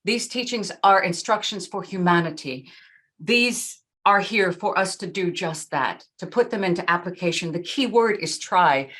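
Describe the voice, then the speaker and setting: A woman's voice: on the low side, animated, a bit bright. Earnest woman giving a spiritual talk. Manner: earnest, emphatic, with slow stressed phrases. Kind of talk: talk with slides.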